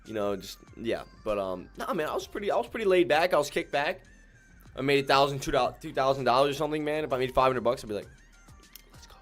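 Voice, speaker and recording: Guy livestreaming his trades, mid pitch, slangy, goes from mumbling to yelling woo, faint music behind. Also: brisk. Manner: excitable, swings from calm muttering to loud whoops; slangy, keeps addressing viewers as ladies and gentlemen. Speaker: day-trading streamer. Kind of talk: live trading stream commentary.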